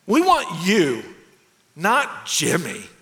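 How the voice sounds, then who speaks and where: A man's voice: high voice, wildly swooping pitch, extremely slow, fairly bright tone, full character voice. A man voicing a group of cocky older schoolboys who talk in a pushy, eager way. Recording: echoey hall.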